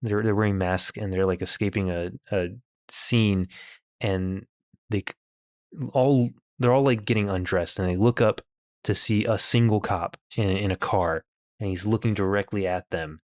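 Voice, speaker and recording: A low-pitched man co-hosting a casual comedy podcast, laughing often as he reads comments and rambles through stories. The sound is dry and close, with no room around it. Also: measured pace, dry recording. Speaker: podcast co-host.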